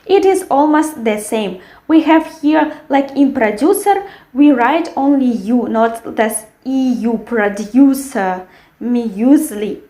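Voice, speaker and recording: A woman teaching a language lesson, carefully repeating words slowly for learners. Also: high voice, expressive, warm tone. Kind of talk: language lesson with word drills. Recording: echoey room.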